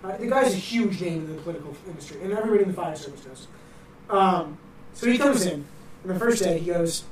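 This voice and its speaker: A man's voice: high voice, animated, fast talker. A young man with a Boston accent, co-hosting a casual chat podcast and telling stories with lots of fillers. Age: young adult. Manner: storytelling with fillers. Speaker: co-host. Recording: roomy echo, distant mic, faint noise.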